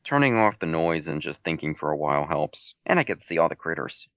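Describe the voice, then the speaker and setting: A man with a rumbling low, slightly bright voice talks briskly with big pitch swings, no room sound, on a dull home mic. In a laid-back Q&A, he gives dry, matter-of-fact answers to reader questions about his fan fiction.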